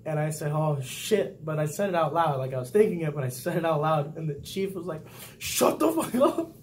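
A young man who is a Navy sailor, chatting casually and telling boot camp stories with lively, laughing delivery. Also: fairly high pitch, brisk, slight background noise. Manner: animated storytelling, laughs often, acts out quotes loudly. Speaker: vlog host, Navy sailor. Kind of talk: casual chat.

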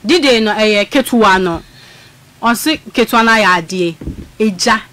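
Woman chatting on radio, animated storytelling, quotes people. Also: mid-range voice, moderate pace. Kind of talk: casual chat.

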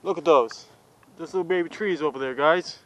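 A man's voice: fairly high pitch, a little fast, fairly bright tone, slight background noise, low-quality recording. A teenage boy chatting and joking with a friend and his viewers while walking outdoors along a road. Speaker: vlogger. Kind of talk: casual walking vlog.

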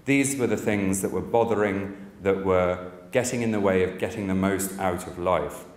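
A man's voice: deep voice, moderate pace. A man giving a conference talk about a cancer support service, opening with a humorous story, then reflecting with frequent fillers. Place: conference hall. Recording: echoey conference hall.

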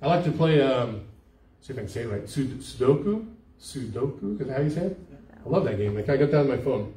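With a medium-pitched, dark voice, an older pastor preaches quickly and with lively intonation. He keeps things conversational and puts questions to the congregation, and the echoey church-hall recording, made from a distant mic, places him in the sanctuary.

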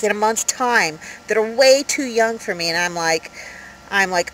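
A woman in her fifties telling a story to camera in a casual vlog, rambling and animated, with many fillers, from inside her van. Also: on the low side, normal speed, a little hiss or hum, rough recording. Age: 50s. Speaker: vlogger.

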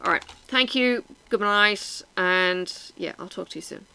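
A woman's voice: mid-range voice, a little slow, gravelly, pushed and bright, a little hiss or hum, poor audio. A woman, chatting frankly and bluntly to her viewers in a casual vlog, teary and sniffling. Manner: blunt, frank and self-mocking, with swearing and laughs. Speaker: vlogger.

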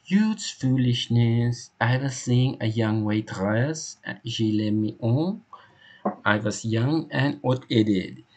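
A man voicing a loyal male butler with a rough past, earnest and deferential, in a game read-aloud. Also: medium pitch, slow, darkish tone, voice pushed up. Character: devoted male butler, former convict, loyal.

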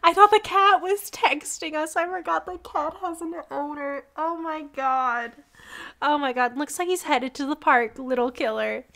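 A young woman streaming a game live, reacting in an excitable, giggly way and reading the game's text aloud. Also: high voice, measured pace.

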